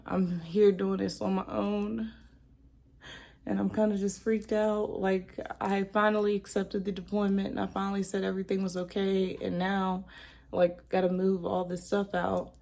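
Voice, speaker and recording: A young woman crying on and off as she talks to her camera. Her voice is mellow and dark, with a gravelly fry running through it, and she rambles and restarts as she talks. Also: medium pitch, flat delivery, moderate pace. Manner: emotional, tearful, rambling. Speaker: vlogger. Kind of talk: personal vlog, talking to camera.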